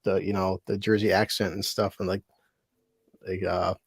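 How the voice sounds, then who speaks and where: A man from New York State chatting on a podcast, rambling and halting, full of filler words. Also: low voice, level tone, breathy edge, dry recording, clean studio sound. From New York State, USA. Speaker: podcast co-host, film reviewer. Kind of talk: casual late-night chat.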